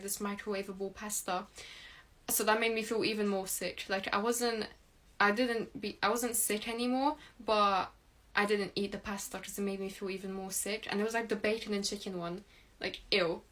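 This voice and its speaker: A young woman with a mid-range, fairly bright voice tells a personal story. She's chatty and rambling, packing her speech with "like."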